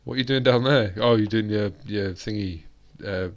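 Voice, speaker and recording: A man's voice: fairly low pitch, moderate pace, muffled recording. A British man hosting a live-stream chat, rambling along with plenty of fillers and restarts. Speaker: host.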